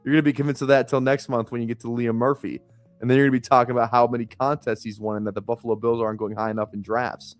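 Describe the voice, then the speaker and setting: A smug bar know-it-all tears into a fan with a mocking, lecturing bite, as a man reads his lines aloud. The voice sits at an everyday mid pitch. Faint music runs beneath it. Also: level tone, very fast, no room sound, natural voice.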